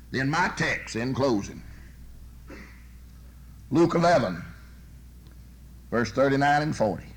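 A man preaching a sermon, telling folksy stories and swinging from loud bursts to soft, low asides. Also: slight background noise.

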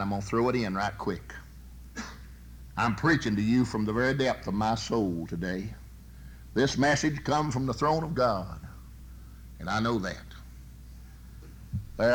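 A man preaching a sermon, telling folksy stories and swinging from loud bursts to soft, low asides. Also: slight background noise.

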